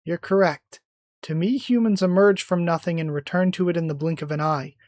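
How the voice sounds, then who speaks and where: Reader doing an old solemn time magic from a comic, just read out flat, dry sound. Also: medium pitch, a little fast, dry recording, close to an everyday voice. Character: ancient time-wielding male magic, calm and solemn.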